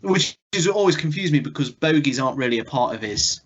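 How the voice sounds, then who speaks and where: A man's voice: mid-range voice, lively intonation, brisk, a bit bright. An English man co-hosting a cartoon podcast in casual chat, musing and hedging his opinions. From England. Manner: musing, self-doubting, hedges his opinions. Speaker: podcast co-host. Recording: dull lo-fi podcast audio.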